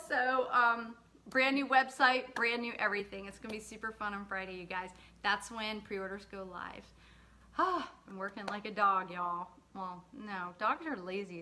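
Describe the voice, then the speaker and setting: Brief: woman author hosting a livestream, higher, bright voice, chatty and full of shout-outs. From lived in the US state of Georgia. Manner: chatty, warm shout-outs to viewers, laughing asides. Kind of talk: casual livestream chat with viewers.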